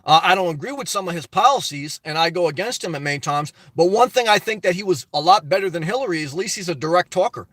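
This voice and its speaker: A man with a fairly high voice runs a casual live stream, reading out viewer comments and replying to each one. He is chatty, affectionate and blunt. The recording is dry and close, with no room echo. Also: expressive, quick pace, hardly any pauses, a bit bright. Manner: upbeat, talkative, affectionate, blunt and direct. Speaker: vlogger hosting a live chat.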